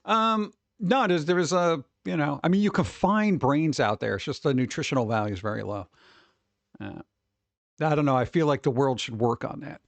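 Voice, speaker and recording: A man's voice: fairly high pitch, lively intonation, normal speed, vocal fry, no echo. A man chatting casually on a live stream, rambling, swearing freely and often laughing.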